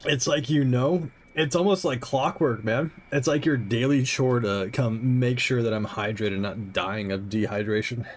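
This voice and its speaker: A man's voice: mid-range voice, a little slow, hardly any pauses, slight background noise. A young man streaming a game, chatting casually and rambling with his viewers. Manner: rambling, chatty, laughs often.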